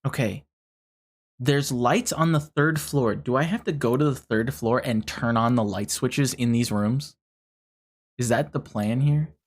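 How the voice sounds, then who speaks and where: A game streamer giving casual live commentary, talking a puzzle through out loud and swearing often in frustration. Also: medium pitch, measured pace, a little hiss or hum.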